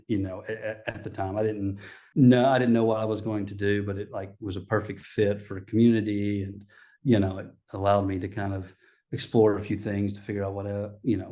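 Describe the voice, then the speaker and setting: A man's voice: on the low side, darkish tone. A middle-aged man, a guest chatting casually in an interview, rambling with many fillers and restarts. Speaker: guest, coffee shop owner.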